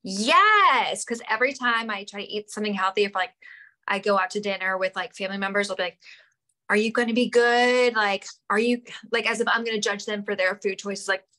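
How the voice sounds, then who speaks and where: A woman on a casual business call telling a story in an animated way. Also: mid-range voice, quick pace.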